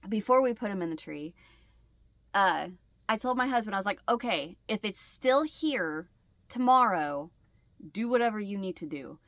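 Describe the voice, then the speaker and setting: Woman vlogger, casual storyteller, bright and close-miked, animated delivery. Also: mid-range voice, dry recording. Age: adult with a husband. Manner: animated, acts out her own shouts and gasps. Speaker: channel host.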